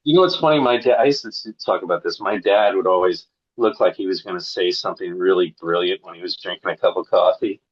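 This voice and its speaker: A man's voice: sits low, fast talker, hardly any pauses, breathy edge, highs cut off. A man from St. Louis, a comedian guest on a podcast, telling profane stories with punchy asides. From St. Louis, USA. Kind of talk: casual podcast chat.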